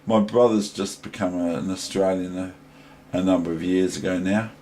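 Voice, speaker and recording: A man's voice: low voice, level tone, normal speed, dark tone, slight background noise. A man from New Zealand with a New Zealand accent, giving a casual chess lesson in a rambling, digressive way, thinking aloud. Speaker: chess teacher.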